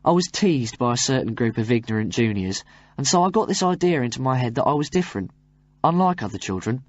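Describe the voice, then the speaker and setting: A man reading a first-person passage aloud for a textbook audio track, in an expressive, rising and falling manner. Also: mid-range voice, a little fast, dry recording, lo-fi sound.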